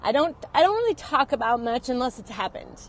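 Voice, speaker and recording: A woman's voice: high voice, very animated, fairly quick, a little hiss or hum. A woman sharing a personal story in a confessional vlog, earnest and openly emotional, talking into her phone in and around her car. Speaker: vlogger.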